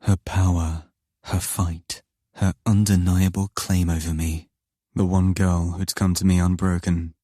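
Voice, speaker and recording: A man narrating an audiobook in first person, in a slow, low, intimate and brooding manner. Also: level tone, dark tone, no echo, clean studio sound.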